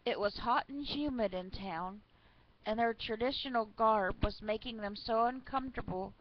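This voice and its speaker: A woman reads funny church stories aloud in a casual, chatty way, stopping for asides. She speaks at an unhurried pace, and the recording sounds slightly dull with faint noise behind her. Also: a little high. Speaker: online reader of church stories.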